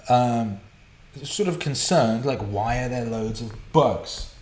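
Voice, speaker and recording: A man hosting a live viewer Q&A broadcast from a home studio, excitable and profane, laughing and rambling as he reads out questions. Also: mid-range voice, slow pace, reverberant. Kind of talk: casual live-stream chat, reading viewer questions.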